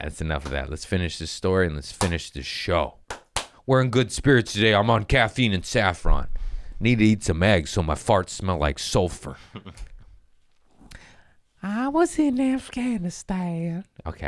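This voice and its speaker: A man's voice: low voice, gravelly, no echo, studio quality. A man hosting a casual comedy podcast, reading listener messages and swearing freely as he acts out the people in his stories. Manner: profane, jumps into goofy voices for quoted people.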